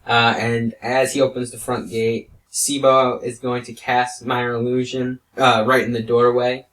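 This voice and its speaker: A man's voice: medium pitch, little pitch movement, a little slow, fairly bright tone, far from the mic, slight background noise, low-quality recording. A man playing a tabletop game chats casually and jokes with the others. His voice sits mid-range. He sounds set back from the mic. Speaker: player.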